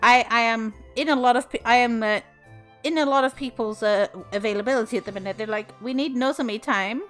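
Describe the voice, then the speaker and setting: A woman's voice: on the high side, fast talker, a bit bright, smooth. Brief: woman streamer, giggly and teasing, faint music underneath. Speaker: streamer and voice actress. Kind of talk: casual chat and folklore storytelling.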